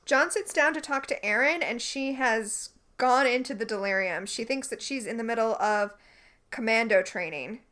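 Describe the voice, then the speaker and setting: Woman co-host, bright higher voice, lively casual recap chat. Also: normal speed. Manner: animated, recaps scenes and quotes characters. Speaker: podcast co-host.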